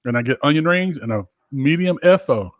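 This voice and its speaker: A man's voice: a little high, animated, a little fast, dry recording, clean studio sound. A man co-hosting a podcast, telling a story in a rambling, profane way with lots of fillers. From Georgia, US. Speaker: podcast co-host. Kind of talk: casual chat.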